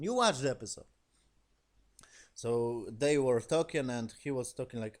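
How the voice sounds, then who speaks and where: A man's voice: medium pitch, expressive, normal speed, long pauses. Rambling man recapping a show. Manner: rambling, swears casually, frequent "basically" and "yes?". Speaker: TV series reviewer. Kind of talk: casual spoken episode recap.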